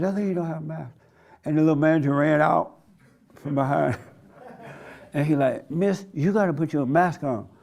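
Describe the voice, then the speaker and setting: Gravelly, blunt male preacher. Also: a little high, a little mellow. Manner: blunt, conversational, folksy. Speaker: preacher and host. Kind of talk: informal sermon with storytelling.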